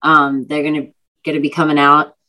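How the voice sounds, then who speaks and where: A woman's voice: low-pitched, completely flat delivery, brisk, sharp tone, low-quality recording. A young woman, an actress and singer, telling stories in a casual chatty interview, full of fillers and vivid retelling.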